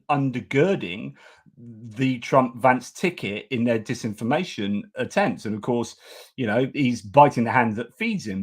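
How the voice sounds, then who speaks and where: A man hosting an online show, ranting in animated commentary. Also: medium pitch, slightly rough. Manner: ranting, excitable. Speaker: host.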